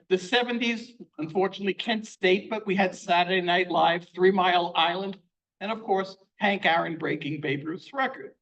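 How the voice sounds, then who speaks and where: A man's voice: sits high, fairly bright tone, muffled recording. Older man hosting a sing-along. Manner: chatty, joking, self-deprecating.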